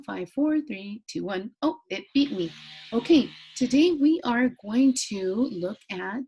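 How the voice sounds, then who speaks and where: A woman teaching an online phonics lesson to young children, sing-song and encouraging, spelling letters out slowly. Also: fairly high pitch, warm tone, a little hiss or hum. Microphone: computer mic, screen-share recording.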